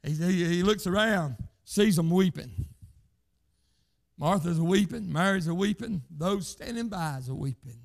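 An older man preaching a fervent sermon, peppering lines with "hey" and breaking into shouts. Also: high-pitched, lively intonation, measured pace, gravelly.

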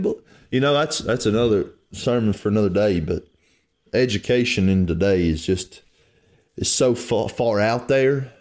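A man's voice: lively intonation, measured pace, long pauses, darkish tone. A man preaching a sermon with a rural Southern US accent, fervent and folksy, swinging his voice up and down. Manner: fervent, swings high and low in pitch, folksy repeated "friend".

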